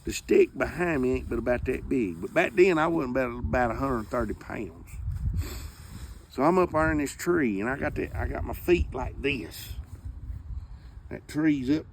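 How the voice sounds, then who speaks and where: A man's voice: mid-range voice, animated, moderate pace, a little hiss or hum. A man telling a comic hunting story in a drawling, folksy way. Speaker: storyteller comedian.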